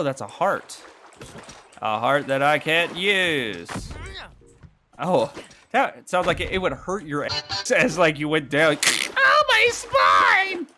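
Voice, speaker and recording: A woman streaming a game, giggling and joking playfully with the odd swear word. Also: rumbling low. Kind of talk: casual gameplay commentary.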